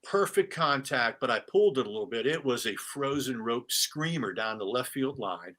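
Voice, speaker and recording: Bright-voiced man telling stories. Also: mid-range voice, normal speed. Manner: animated anecdotes with many restarts and fillers. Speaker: retired sportscaster, guest. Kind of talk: storytelling in a casual interview.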